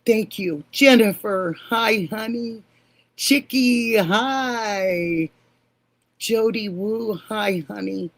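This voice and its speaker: Older lady chatting on her stream, slow easy talk, says hi honey to everyone. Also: medium pitch. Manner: affectionate, calls viewers honey and sweetheart. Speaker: livestream host. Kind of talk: casual live-stream chat greeting viewers.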